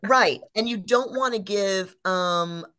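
A woman co-hosting a business webinar, explaining branding in a casual, animated way and asking rhetorical questions. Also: medium pitch, slow. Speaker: webinar co-host.

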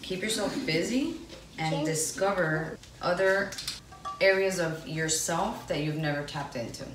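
A woman's voice: fairly low pitch, a little slow. A middle-aged mother chatting bluntly and giving motherly advice while her daughter films on a phone. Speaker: vlogger's mother. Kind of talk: casual chat. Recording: echoey room, phone held far off, noise.

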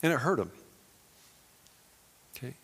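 A middle-aged man preaching a sermon, telling a personal story and acting out the lines of the people in it with big swings in loudness. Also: mid-range voice, sing-song, a little slow, slightly rough. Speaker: pastor.

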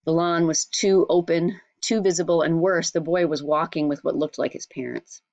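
A woman narrating an audiobook in a measured storytelling manner. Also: low-pitched, steady tone, a little mellow, dry recording, dull audio.

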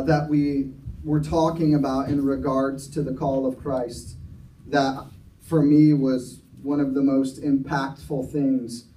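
A man's voice: medium pitch, mellow. A man preaching a sermon at a recovery ministry, telling a story earnestly and often restarting his sentences. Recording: echoey room, mic far off.

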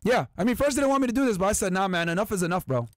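A man's voice: high voice, lively intonation, rapid-fire, no echo, studio quality. A man hosting a podcast, reading out viewer chats and answering them in an emphatic, combative, profane way. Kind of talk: casual podcast chat.

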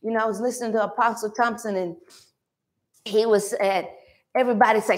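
A woman with a high voice preaches a sermon in a church. She swings between loud calls and quiet asides, pulling the congregation into call-and-response. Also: steady tone, brisk. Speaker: pastor. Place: church sanctuary.

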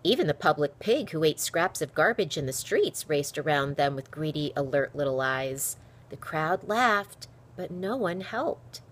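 Woman reader, low-pitched, animated delivery, children's chapter book read-aloud. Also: unhurried, slight background noise. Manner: expressive storytelling. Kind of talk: reading a children's novel aloud.

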